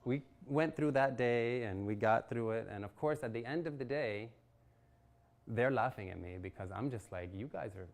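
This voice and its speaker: A man's voice: mid-range voice, normal speed, vocal fry. A man in his forties telling a personal story at a networking event, acting out quotes and laughing often. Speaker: guest speaker. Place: event venue.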